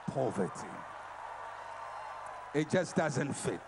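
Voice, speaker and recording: High-voiced, slow preacher man. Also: very animated, background noise. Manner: emphatic and repetitive, swinging from shouts to quiet. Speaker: conference preacher. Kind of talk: motivational sermon.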